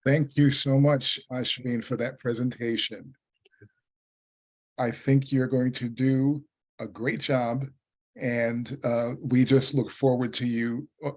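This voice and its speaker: Man hosting online meeting, slow paced, courteous, video call. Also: medium pitch, fairly even intonation. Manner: measured and courteous. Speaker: meeting host.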